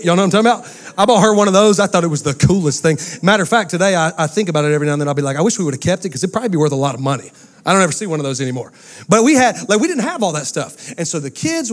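A man, preaching a sermon to a church crowd with lively storytelling and call-outs to the congregation. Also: high voice. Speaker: pastor. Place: church sanctuary with a live audience.

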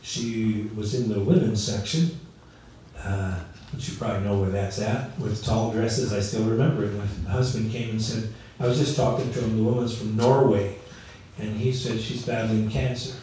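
A man's voice: lowish voice, steady tone, moderate pace, mellow, a little hiss or hum. A middle-aged male pastor preaching a sermon in a chatty storytelling way, acting out the people in his stories. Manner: conversational storytelling, acts out quoted voices. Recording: very echoey room, mic at a distance.

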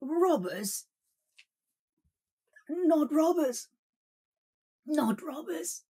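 A woman voicing a terrified man who gasps out his words in a high, frantic voice. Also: very animated, very slow, mellow, breathy edge, heavily acted. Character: terrified man fleeing a ghost, panting.

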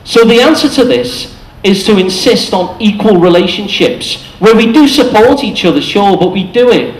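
High-voiced man giving a talk. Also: animated, normal speed. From England. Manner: chatty and explanatory, acts out quoted voices. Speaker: speaker. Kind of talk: short public talk. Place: cafe venue with audience. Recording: echoey room.

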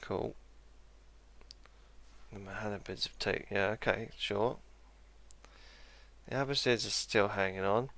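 A man's voice: on the low side, unhurried, gravelly, long pauses, a bit bright. A man musing aloud while playing a strategy game, correcting himself and adding dry asides. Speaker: let's play gamer. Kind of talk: casual game commentary.

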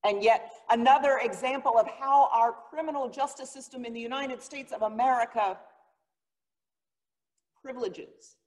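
A woman's voice: a little high, normal speed, a little mellow. A woman pastor giving a sermon, telling the story in an earnest, dramatic way. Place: church sanctuary. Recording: long reverb of a church hall.

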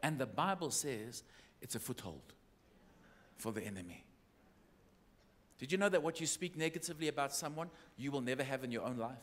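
A man preaching a sermon as an apostolic church leader, animated and building up to shouted exhortations. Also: medium pitch, fairly quick, long pauses.

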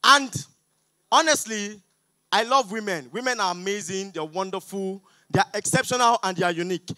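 A young Nigerian man with a Nigerian accent doing a stand-up comedy set on an auditorium stage, loud, pleading and mock-outraged with the crowd. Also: high voice, normal speed, no room sound. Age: young adult.

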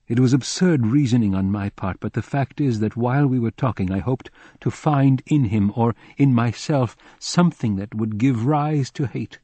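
A man reading a literary novel aloud in the first person, in a measured, grave and deliberate way. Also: medium pitch, mellow, slightly rough, no echo. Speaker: audiobook narrator.

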